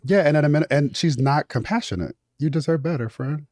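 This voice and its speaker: A man's voice: on the high side, quick pace, no room sound. Blunt talkative man, studio guest. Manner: frank and blunt, animated, with stammered restarts. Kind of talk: casual chat. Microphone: studio mic.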